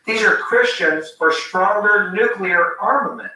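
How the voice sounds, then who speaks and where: A man's voice: sits high, lively intonation, normal speed, sharp tone, very echoey, far from the mic, poor audio. A man performing a sardonic stand-up routine, mocking as he goes. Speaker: stand-up comic.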